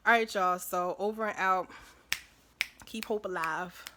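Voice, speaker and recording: Chatty and warm-hearted, a woman vlogs casually to camera, often asking "you know what I'm saying" in her asides. Her voice is medium-pitched and a little slow, with background noise audible.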